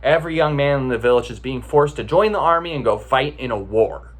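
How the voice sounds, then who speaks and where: A man's voice: medium pitch, expressive, brisk. A man giving a casual, conversational talk as a meditation teacher, often checking in with the listeners as he tells a story.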